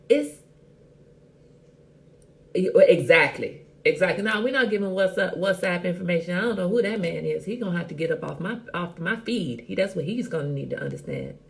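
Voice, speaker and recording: A woman hosting a casual live chat show, talking in a sassy, animated and blunt way and greeting viewers by name. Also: lowish voice, vocal fry, slight background noise. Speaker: host.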